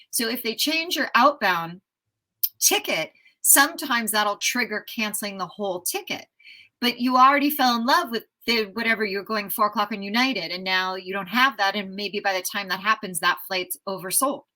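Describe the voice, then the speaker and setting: An enthusiastic woman from the United States in her fifties, chatting as an interview guest with a bright, forward tone. She tells travel stories in a lively, eager way. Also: medium pitch, normal speed, low-quality recording. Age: 50s. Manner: enthusiastic, animated storyteller. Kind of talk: casual storytelling interview.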